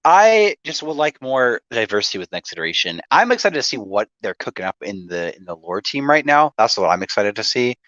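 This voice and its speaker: A man's voice: mid-range voice, sing-song, a little fast, few pauses, fairly bright tone, no echo, muffled recording. A man in casual podcast chat, rambling with many fillers and frequent swearing. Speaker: podcast guest. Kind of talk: casual chat about roleplay.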